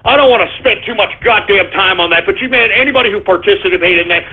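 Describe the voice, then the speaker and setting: A man hosting a talk radio show, ranting angrily with shouting and profanity. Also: sits high, quick pace, hardly any pauses. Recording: tinny phone-like lo-fi.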